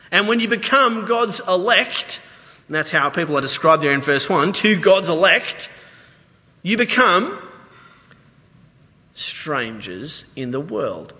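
A man with an Australian accent preaching a sermon, chatty and lively, with asides to the congregation. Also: high-pitched. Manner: conversational, animated preaching with asides. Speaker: pastor. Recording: reverberant church hall.

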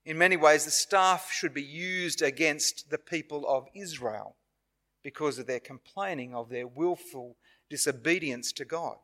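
A man with an Australian accent preaching a sermon in a church, earnest and measured, with pauses and self-corrections. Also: on the high side, bright, forceful tone.

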